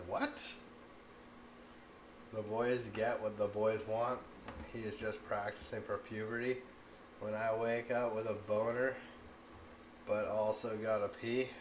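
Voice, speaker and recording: A man in his thirties chatting casually as a cooking streamer, rambling and laughing often, with lots of "like". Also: on the low side. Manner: rambling, animated, laughs often, says "like" a lot. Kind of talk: casual chat and storytelling. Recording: echoey room, faint background noise.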